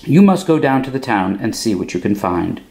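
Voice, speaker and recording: A man's voice: fairly low pitch, big pitch swings, fairly quick, creaky, a little mellow. A man voicing a kindly, motherly old village witch in a storybook reading. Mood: worried.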